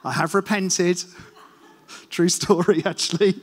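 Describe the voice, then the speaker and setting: A man with a fairly high voice gives a relaxed, chatty sermon in a church hall. The reverb rings long behind him. He tells self-deprecating stories and puts questions to the congregation. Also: a little slow. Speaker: preacher. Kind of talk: casual sermon with anecdotes.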